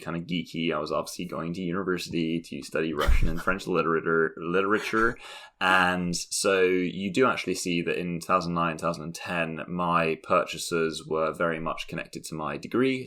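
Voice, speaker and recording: Young british guy, deep voice, wry podcast cohost telling stories. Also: pushed and bright. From Britain. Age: young adult. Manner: dry, wry asides, measured storytelling. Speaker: podcast co-host. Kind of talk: casual comedic chat.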